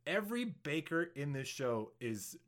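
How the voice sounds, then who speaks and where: Bright-voiced male podcast host. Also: fairly high pitch, big pitch swings, unhurried. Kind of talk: casual chat.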